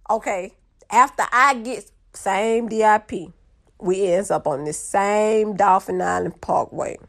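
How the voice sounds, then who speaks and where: A young woman, telling a funny story to her viewers in a lively, casual way. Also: medium pitch, slow, vocal fry. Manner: animated, drawling, addresses audience as y'all.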